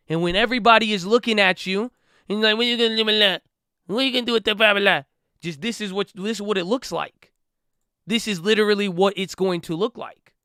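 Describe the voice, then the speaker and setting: A man talking casually and excitedly to his viewers as an investing vlogger, emphatic and slangy, talking back at critics. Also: sits high, smooth, no echo, clean studio sound.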